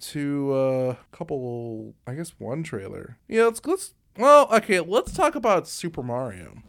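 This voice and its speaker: A young man co-hosting a casual chat podcast, animated, laughing and swearing often. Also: fairly high pitch, measured pace, gravelly. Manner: animated, laughing, swearing, slips into exaggerated impressions. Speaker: podcast co-host.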